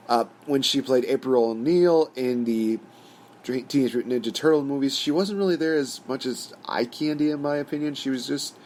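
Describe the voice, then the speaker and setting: A man's voice: medium pitch, darkish tone, a little hiss or hum. A man hosting his own channel, giving a casual, rambling opinion rant full of "you know" fillers. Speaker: host.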